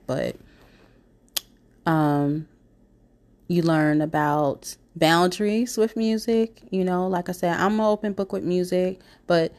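A young woman hosting a solo podcast, stuffy from a cold, rambling conversationally with lots of "you know" and "like". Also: low voice. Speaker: podcast host. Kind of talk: casual solo podcast talk.

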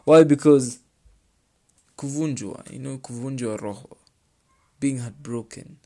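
A man's voice: medium pitch, unhurried, pauses often, dark tone. A man with a Kenyan accent, chatting casually as he reads out and comments on relationship advice. He repeats his points for emphasis and slips into Swahili slang. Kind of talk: casual chat reading out viewer advice.

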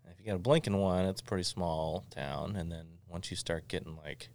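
A man in his forties from Florida hosting a casual chat, telling stories in an animated, joking way. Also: low voice, fairly quick, vocal fry. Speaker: podcast host.

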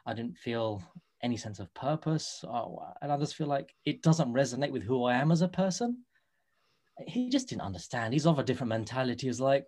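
A man's voice: medium pitch, animated, brisk, darkish tone. A man in his thirties with a London accent, a podcast guest earnestly telling his story and acting out the dialogue he quotes. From England. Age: 30s. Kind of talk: casual podcast interview.

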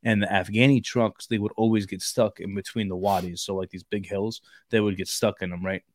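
A man on a podcast, telling a long story in casual chat, rambling and full of fillers, growing loud when he acts out shouting. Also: on the low side, steady tone, fairly quick, dry recording. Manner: rambling, repeats fillers like "like" and "bro". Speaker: podcast co-host.

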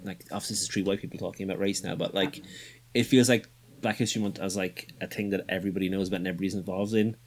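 A man's voice: low-pitched, fairly even intonation, racing. A man chatting casually on a podcast, full of fillers. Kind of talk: casual chat.

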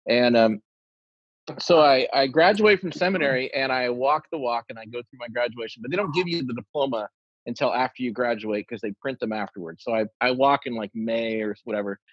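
A man with a husky voice tells a long funny story to friends, acting out each quoted line. His voice sits at a middling pitch. The recording is dull and dry. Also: fairly quick, dry recording. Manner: animated anecdote teller, acts out quoted lines.

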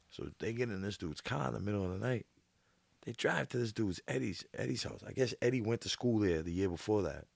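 A man's voice: on the low side, brisk, gravelly, breathy edge, no echo. A man co-hosting a podcast, telling a rambling, profane story in casual chat. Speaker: podcast co-host.

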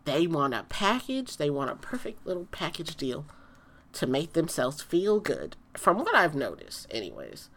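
A woman's voice: sits low, huge pitch swings, moderate pace, fairly bright tone. A woman in a casual ranting monologue, blunt and emphatic, who repeats her points and swears freely.

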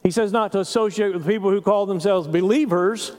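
A male pastor preaching a sermon earnestly, pausing for emphasis. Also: sits high, a little mellow, in a large hall.

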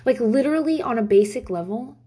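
A woman's voice: fairly high pitch, expressive, brisk, mellow, slightly rough. Blunt, swearing woman in her thirties. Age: 30s. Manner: candid, profane, rambling with many fillers. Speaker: parent vlogger. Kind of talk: casual talk to camera.

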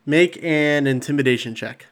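A man narrating as game master of a tabletop game, calm and unhurried, with chuckles between lines. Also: a little high.

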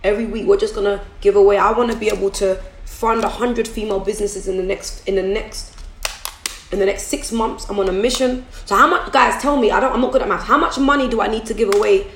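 A woman's voice: mid-range voice, fairly even intonation, fast, slight background noise. A businesswoman on a phone livestream, giving an emphatic, repetitive motivational talk. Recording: echoey room, faint music behind.

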